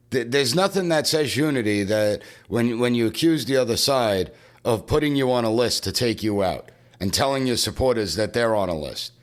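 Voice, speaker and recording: A man's voice: mid-range voice, animated, moderate pace. A man hosting a political commentary podcast in an emphatic, punchy way, repeating phrases for effect. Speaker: podcast host and professor.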